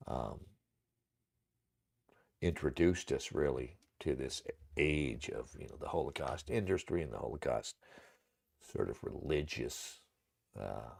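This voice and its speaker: A man's voice: rumbling low, animated, unhurried, gravelly, pauses often, darkish tone, breathy edge. A man hosting a livestream, talking in a rambling, casual way, with many fillers and much cursing. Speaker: livestream host.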